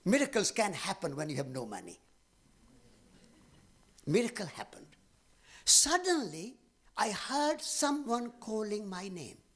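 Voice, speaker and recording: A man with an Indian accent tells a personal story to an audience, his voice somewhat husky and fairly high. His pitch rises and falls in lively swings, and he speaks earnestly, with dramatic pauses. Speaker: speaker at a public event.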